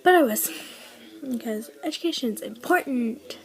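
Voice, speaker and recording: Her voice a little high and animated, this eighteen-year-old woman tells a personal story at a moderate pace with a creaky edge, on a low-quality recording. The vlog is casual and rambling, heavy on "like," with quoted lines whispered.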